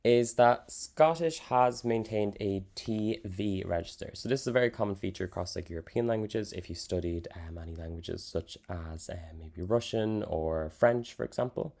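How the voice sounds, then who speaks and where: A young man teaching a language lesson in a relaxed way, with many ums and fillers. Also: lowish voice, moderate pace, vocal fry, hardly any pauses. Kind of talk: casual explanatory lesson.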